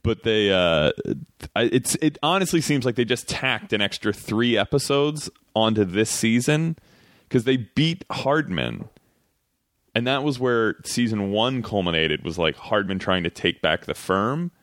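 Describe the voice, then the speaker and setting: A man guesting on a podcast in casual chat, relaxed and wry, often trailing off and restarting. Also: lowish voice, unhurried, dry recording, clean studio sound. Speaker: comedy writer guest.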